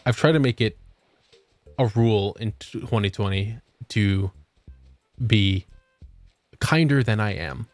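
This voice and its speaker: A man's voice: lowish voice, slow pace, long pauses, no echo, faint music behind. A young man streaming a game, chatting casually and joking with swearing, tired after a long work shift. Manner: laid-back, swearing, joking. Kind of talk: casual chat while gaming.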